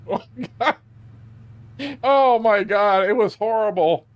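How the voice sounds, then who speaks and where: A man streaming a game spins a long, crude story and keeps breaking into laughter. His voice sits high, and he talks slowly. He drops in frequent oaths and exclamations. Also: smooth. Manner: laughing through a rambling anecdote; exclaims often, profane. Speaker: gaming streamer. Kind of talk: casual storytelling while gaming.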